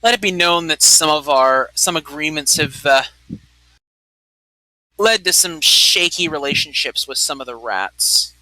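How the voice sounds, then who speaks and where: A man voicing a guarded male gang member in a tabletop game, speaking evasively with a bright, dry tone. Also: a little high, animated, measured pace, dry recording, exaggerated voice, poor audio.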